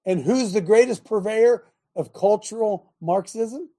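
A man hosting a talk show, preaching and mocking in an animated way and throwing questions at his listeners. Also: high-pitched, a little slow. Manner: animated, sermonizing, mocking, asks the audience questions.

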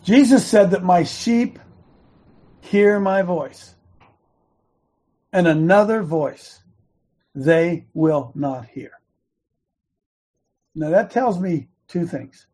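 A man's voice: high-pitched, extremely slow, long pauses, dark tone. A man, known as coach, giving an earnest and emphatic sermon-style devotional talk and repeating his key lines.

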